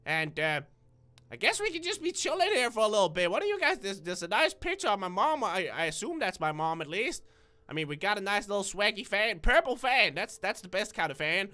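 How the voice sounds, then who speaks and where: A man's voice: sits high, sing-song, brisk, pushed and bright. A man giving let's-play commentary, nervous and stuttering, who bursts into screams when startled. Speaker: gaming video creator.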